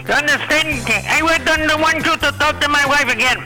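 A man putting on the voice of a jealous newlywed husband who threatens him, speaking high and outraged. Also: fairly even intonation, fairly quick, over music. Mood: jealous threatening. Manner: high squeaky outraged delivery.

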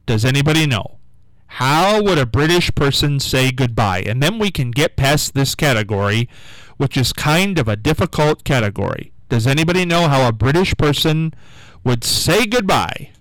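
A man hosting a call-in radio quiz show, coaxing callers with repeated questions and reading out the phone number slowly. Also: mid-range voice, lively intonation, a bit bright, dry recording, low-quality recording. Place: radio studio.

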